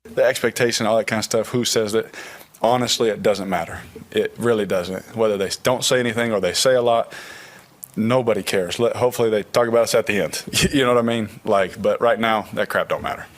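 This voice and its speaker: Male quarterback, lowish voice, plainspoken press conference answer. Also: steady tone, fairly quick. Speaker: football quarterback.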